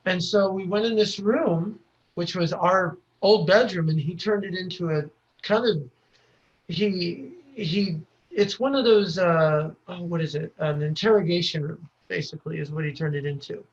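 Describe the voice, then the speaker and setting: A man from the United States telling a personal story as a podcast guest, halting often with pauses and restarts. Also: sits high. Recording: dull lo-fi recording.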